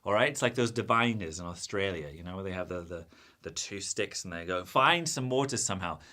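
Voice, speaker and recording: A young man delivers an improvised mock lecture full of absurd advice. His voice is bright and sharp. He stays deadpan, dropping to hushed asides and then booming out his points. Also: fairly quick. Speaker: comic lecturer. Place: green screen studio.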